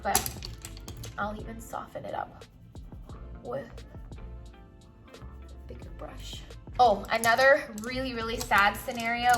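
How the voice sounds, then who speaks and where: A woman's voice: fairly high pitch, fairly bright tone. A young woman talking frankly and chattily while doing her makeup, a doctor vlogging. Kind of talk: casual get-ready-with-me chat.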